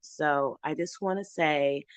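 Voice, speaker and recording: A woman's voice: low voice, slow, clear, resonant tone, no room sound. A woman hosting her recovery channel in a casual livestream chat, earnest and heartfelt, often restarting her sentences.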